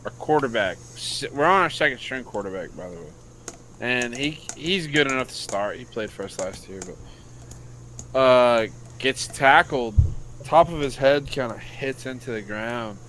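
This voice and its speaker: A man's voice: medium pitch, animated, normal speed, a bit bright, slight background noise, rough recording. An American man, a podcast co-host and youth football coach, telling a story loosely and profanely in casual chat.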